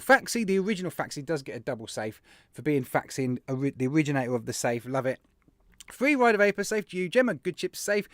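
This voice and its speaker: A man's voice: high voice, no echo, studio quality. Chatty man hosting a livestream. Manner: chatty, jokey, rattles off shout-outs. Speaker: podcast host. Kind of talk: casual livestream chat.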